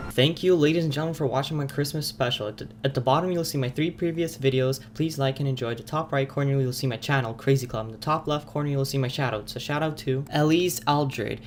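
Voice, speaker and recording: A young man giving excitable let's-play commentary, swearing and laughing often. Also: medium pitch, quick pace, few pauses. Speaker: gaming YouTuber. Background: loud music and game audio.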